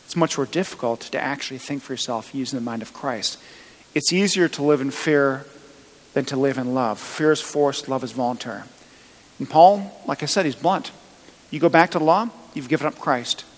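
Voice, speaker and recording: A man's voice: medium pitch, normal speed. Man preaching in a reverberant hall. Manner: conversational preaching with rhetorical questions and military anecdotes. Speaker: pastor. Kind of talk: sermon.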